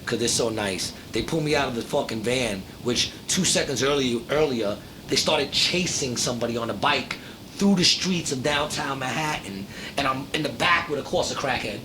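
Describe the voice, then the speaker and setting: A man hosting a casual podcast, telling a story in a profane, animated way and acting out the voices of the people in it. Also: a little fast. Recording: noisy recording with low rumble.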